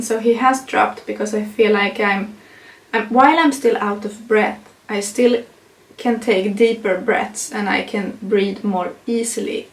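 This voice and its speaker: A young vlogger whose first language isn't English chats casually in a pregnancy update, laughing a lot and using plenty of fillers. Her mid-range voice sounds roomy, picked up far from the mic.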